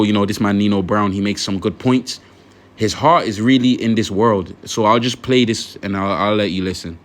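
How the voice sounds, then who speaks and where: A man hosting a religious video, talking through scripture in a conversational way with lots of "you know". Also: lowish voice. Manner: conversational, many fillers and restarts. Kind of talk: scripture commentary.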